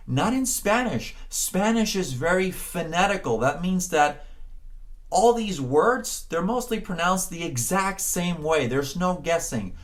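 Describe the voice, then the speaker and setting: A man teaching a Spanish pronunciation lesson, encouraging the learner, often checking in with "okay?", and drawing out words slowly to model them. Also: on the high side. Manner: slow, drawn-out words when modeling sounds. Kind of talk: spoken language lesson.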